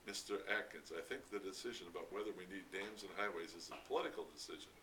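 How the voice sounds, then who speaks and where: A man voicing a polite, gentle male official who speaks formally, read from a distance with faint noise. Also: low-pitched, fast talker. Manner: courteous, formal.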